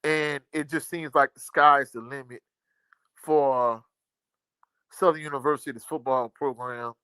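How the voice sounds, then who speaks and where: A man's voice: mid-range voice, steady tone, unhurried, bright, forceful tone, smooth, no room sound. A middle-aged man from Louisiana hosting a casual sports live stream, reading viewer comments aloud and repeating phrases for emphasis.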